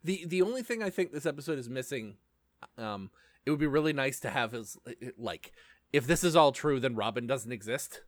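A man's voice: medium pitch, lively intonation, moderate pace, no echo, studio quality. A man co-hosting a podcast, chatting casually and joking around. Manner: jokey, acts out little bits. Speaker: podcast co-host. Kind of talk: casual chat.

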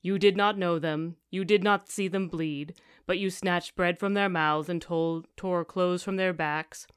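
A steady male golem from a storybook, lecturing in formal and literal sentences, as a woman reads him aloud. The voice is fairly low and smooth, and it sits in a dry, close room. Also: measured pace, no echo, natural voice. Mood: calm, stern.

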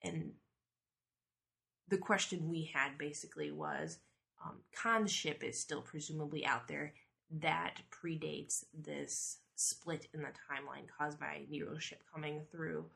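A woman's voice: low voice, unhurried, gravelly, a bit bright. A woman caller recording a casual, conversational audio question with a few fillers.

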